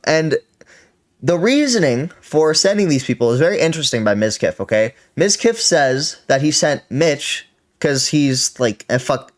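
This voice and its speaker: A male streamer talks over clips in a loose, swearing, rambling way, often stopping to correct himself. His pitch swings widely as he tells the story. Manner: profane, rambling, self-correcting. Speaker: streamer hosting a reaction show. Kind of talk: casual commentary on clips.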